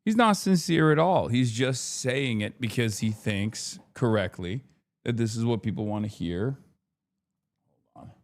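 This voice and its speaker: A man's voice: medium pitch, lively intonation, measured pace. A man hosting a livestream, ranting in frustrated, profane political commentary. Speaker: livestream host.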